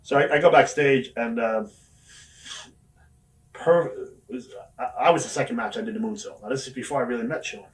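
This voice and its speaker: A man's voice: mid-range voice, moderate pace, distant mic. A man telling wrestling stories in an interview, swearing often and laughing through his anecdotes. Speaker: wrestler guest. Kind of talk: storytelling shoot interview.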